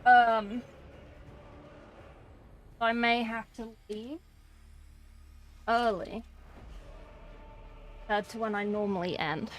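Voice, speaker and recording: Slow-talking woman streamer chatting with chat. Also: fairly high pitch, steady tone, slight background noise. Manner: rambling, reads chat aloud and answers it. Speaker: livestream host. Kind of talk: casual livestream chat.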